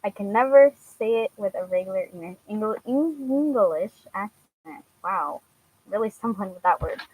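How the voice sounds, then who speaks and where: A woman's voice: mid-range voice, lively intonation, normal speed, darkish tone, breathy edge, poor audio. A young woman from Washington chatting casually to her viewers, hesitant with frequent fillers and laughs. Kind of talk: casual chat answering viewers.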